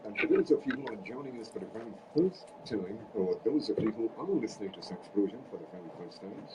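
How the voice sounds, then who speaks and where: A man's voice: fairly low pitch, expressive, quick pace. A man co-hosting a radio show, joking and chiming in, then reading station details. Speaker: radio co-host. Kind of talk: casual radio banter. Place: radio studio. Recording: distant mic with background noise.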